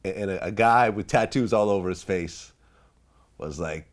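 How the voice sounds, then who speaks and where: A man's voice: sits low, moderate pace. A male interviewer who prompts his guest with half-remembered stories and laughs along. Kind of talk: interview questions.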